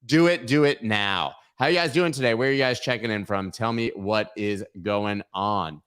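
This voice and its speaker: Sitting at his webcam, this crypto news livestream host chats casually with viewers, joking around and riffing playfully on silly bits. His voice is fairly low, fairly bright, and clean, at a moderate pace.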